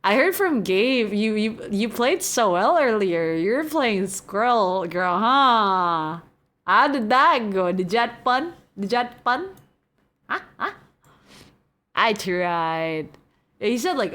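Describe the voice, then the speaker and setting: A young woman hosting a relaxed live stream, chatting with her viewers and reading their messages aloud. She is giggly and chatty, sliding between a soft, hushed voice and sudden bursts of excitement. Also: mid-range voice, slow. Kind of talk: casual stream chat.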